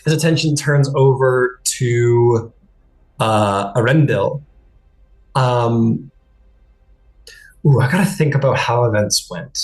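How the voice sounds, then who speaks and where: A man's voice: medium pitch, slow, long pauses, roomy sound, poor audio. A man narrating as game master in a casual, rambling way with many fillers. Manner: casual, laughing, lots of fillers.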